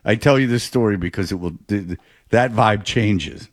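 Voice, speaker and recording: A man in casual chat, telling a rambling, animated story with many restarts. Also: lowish voice, moderate pace, dry recording.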